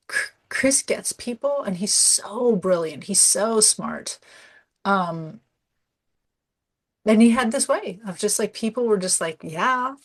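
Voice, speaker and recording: A middle-aged woman coach in casual conversation, telling stories and acting out the voices in them. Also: mid-range voice. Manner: animated storyteller, acts out quoted dialogue.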